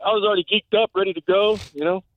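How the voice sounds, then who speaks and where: A man calling in to a radio show, telling a story in quick chatty bursts over a phone line. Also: sits high, fairly even intonation, dry recording. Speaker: caller. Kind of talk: casual chat.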